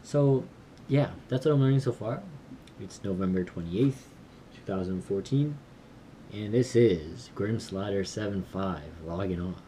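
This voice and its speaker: A man recording himself while learning Korean, thinking aloud and repeating phrases slowly in a casual way. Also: lowish voice, dark tone, slight background noise. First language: English.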